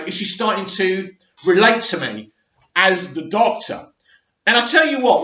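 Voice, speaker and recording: Opinionated high-voiced man. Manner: opinionated, animated, talks to the viewer. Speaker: TV reviewer. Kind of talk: casual reaction review. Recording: echoey, slightly dull recording.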